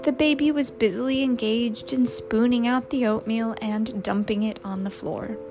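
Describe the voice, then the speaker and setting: A woman reading a novel aloud in measured, unhurried narration. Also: a little high, fairly even intonation. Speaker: audiobook narrator. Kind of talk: scripted narration. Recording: loud music under the narration.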